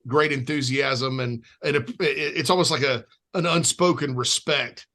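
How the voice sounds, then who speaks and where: A man from the American South hosting a podcast, talking casually in long, rambling sentences. His voice is bright and forward, with a sharp edge. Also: mid-range voice, fairly even intonation, moderate pace. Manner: rambling, with many restarts and fillers. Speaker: podcast host.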